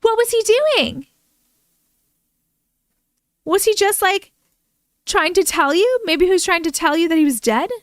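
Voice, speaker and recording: A woman's voice: extremely high pitch, animated, a little slow, long pauses, dry recording. A woman hosting a livestream, chatting with viewers and reading their stories aloud, breaking in with startled reactions. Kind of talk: casual live chat and reading stories aloud.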